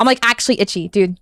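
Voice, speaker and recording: A woman's voice: mid-range voice, smooth, dry recording, clean studio sound. A young woman streaming a casual reaction commentary, exasperated and rambling, swearing often and breaking into laughs.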